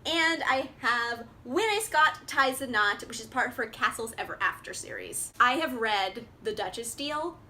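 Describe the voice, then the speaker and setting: A woman's voice: a little high, lively intonation, moderate pace, few pauses, pushed and bright, slight background noise. A young woman chatting casually about books she picked up, bubbly and chatty, with lots of fillers and laughs, recorded indoors on a camera mic. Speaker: book vlogger. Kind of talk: casual book haul chat.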